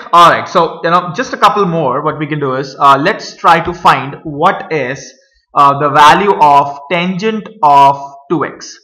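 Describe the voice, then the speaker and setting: A man teaching a math lesson, talking viewers through each step with many pauses and fillers. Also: fairly high pitch, pushed and bright, roomy sound, rough recording. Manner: hesitant, many fillers, addresses viewers as guys.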